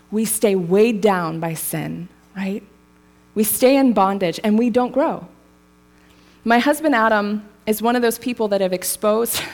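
A woman preaching a sermon in a casual, storytelling way, laughing lightly now and then. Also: mid-range voice.

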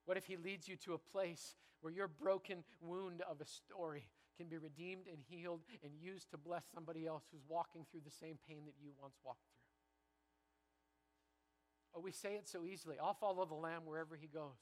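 A man from Canada preaching a sermon, moving from quiet reflection to loud, rousing repetition before his congregation. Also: fairly high pitch, fairly even intonation, moderate pace, big-room sound. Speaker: pastor.

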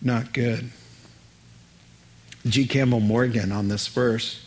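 A man's voice: medium pitch, steady tone, takes it slowly, long pauses, darkish tone. A male preacher delivering a sermon in an earnest, emphatic way, acting out scenes from a Bible story.

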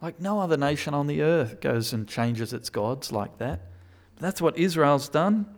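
Guy preaching, slightly high voice, gets loud and pleading then drops quiet. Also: lively intonation, normal speed. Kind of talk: sermon.

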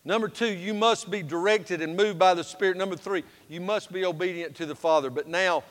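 A man preaching a sermon as pastor, folksy and humorous, moving between loud and hushed passages. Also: high-pitched, a little fast. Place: church sanctuary. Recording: long reverb of a church sanctuary.

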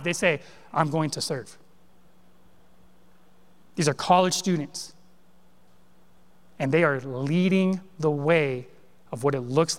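High-voiced man preaching in a reverberant sanctuary. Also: clear, resonant tone. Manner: animated, conversational preaching with direct address. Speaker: pastor. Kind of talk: sermon. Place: church sanctuary.

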